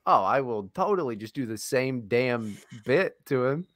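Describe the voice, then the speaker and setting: A man's voice: medium pitch, expressive, a bit bright, no echo, clean studio sound. A man co-hosting a podcast, rambling and swearing in casual banter and laughing at his own jokes. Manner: rambling, profane, quick to laugh. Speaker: podcast co-host.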